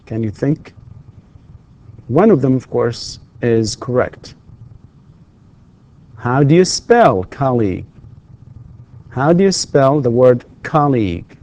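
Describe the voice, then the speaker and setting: Male university English lecturer; patient, repetitive, warm low tone. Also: very animated, slow pace, long pauses. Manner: patient, repeats and prompts students with questions. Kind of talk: recorded classroom lecture.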